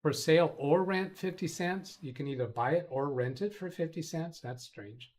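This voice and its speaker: A man's voice: a little high, moderate pace, darkish tone. A man hosting a casual live stream, rambling as he reads chat messages aloud and answers them. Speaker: host of a live tech stream.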